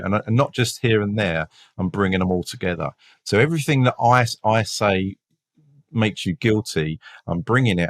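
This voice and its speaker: Low-voiced detective, dry close sound. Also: male voice, dry recording. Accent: London English. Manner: animated, many restarts and repeated words; laughs while telling stories. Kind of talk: casual podcast storytelling.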